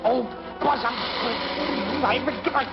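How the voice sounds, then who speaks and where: An actor playing a childish, excitable, bumbling grown man in a 1940s film comedy, whiny, giggly and playful. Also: very high-pitched, slow, vocal fry, exaggerated voice. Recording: dull 1940s film soundtrack with music.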